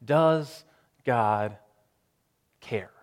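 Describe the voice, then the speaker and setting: Middle-aged male pastor, sermon delivery, dynamic swings from loud to near-whisper. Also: medium pitch, big-room sound. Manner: dramatic pauses, swings from loud to hushed.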